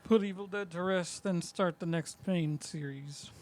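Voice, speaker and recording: A man's voice: high-pitched, a little slow, a little mellow. A man co-hosting a podcast in laid-back casual chat, adding comments and laughing. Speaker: podcast co-host.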